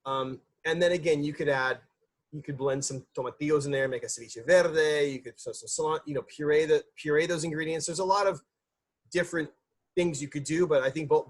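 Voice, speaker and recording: A man's voice: a little high, fairly quick. A man, a chef, giving a casual cooking demonstration in a loose, chatty way with lots of fillers and restarts.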